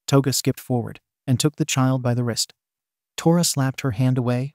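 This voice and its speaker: A man narrating a fan fiction story in a steady, even manner. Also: mid-range voice, moderate pace, dry recording, studio quality.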